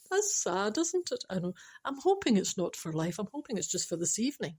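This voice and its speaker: With a husky, darkish, sing-song voice at medium pitch, an older woman from Scotland hosts a podcast and moves briskly through jokes without a script. She chats and rambles, laughing at her own punchlines.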